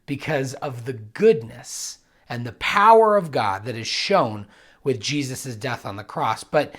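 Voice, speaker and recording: A man's voice: medium pitch, animated, unhurried, a bit bright. A young man, a pastor, giving an earnest and reflective devotional teaching that builds to emphatic bursts. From United States.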